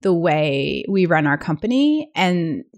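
A woman's voice: lowish voice, very animated, unhurried, a little mellow. A woman co-hosting a podcast in casual chat, talking with lots of fillers and asides. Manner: chatty, many fillers like "like". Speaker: podcast co-host.

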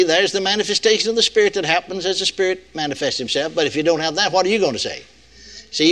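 A man's voice: fairly high pitch, fairly bright tone. An older man, preaching a sermon with folksy, playful asides to the audience. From United States. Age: 60s.

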